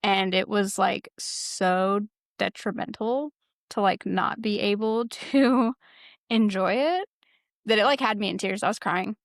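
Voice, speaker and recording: Young woman co-host, casual candid chat, some vocal fry, dry close sound. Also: mid-range voice, a little slow, no room sound. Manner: candid, rambling, heavy on fillers. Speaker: podcast co-host.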